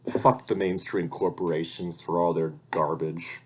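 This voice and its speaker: Young male vlogger, low register, rambling and profane, casual delivery. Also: level tone, measured pace, slightly rough. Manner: rambling and profane, gets heated when venting. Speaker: vlogger and hobby voice actor. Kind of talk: casual life-update rant.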